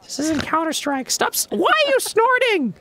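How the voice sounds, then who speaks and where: Teasing woman gamer, very high and lively voice. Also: moderate pace. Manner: teasing, exasperated. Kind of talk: casual game play-along chat.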